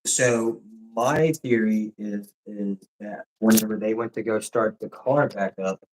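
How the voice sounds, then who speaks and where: A man's voice: on the low side, unhurried, poor audio. A man explaining a car's no-start problem in a matter-of-fact way, reasoning it through aloud. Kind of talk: explaining a repair.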